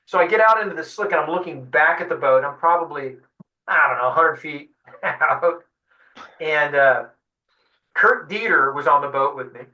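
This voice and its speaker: A fishing guide tells his story with energy, voicing each person in it. His voice is a bit high and bright. It comes from some distance in an echoey room. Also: moderate pace, lo-fi sound. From San Diego. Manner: animated storyteller acting out quotes. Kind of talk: storytelling in a webinar interview.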